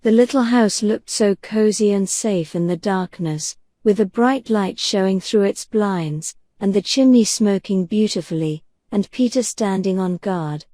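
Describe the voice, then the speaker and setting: Soft-spoken woman reading a bedtime story. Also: medium pitch, no echo. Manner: gentle, unhurried, soothing. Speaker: audiobook narrator.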